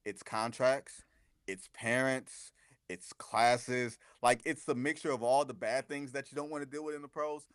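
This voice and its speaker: A man talking as a guest basketball reporter on a sports radio show, animated and sarcastic, with strong emphasis. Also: mid-range voice, a little slow, clear, resonant tone, dry recording, clean studio sound.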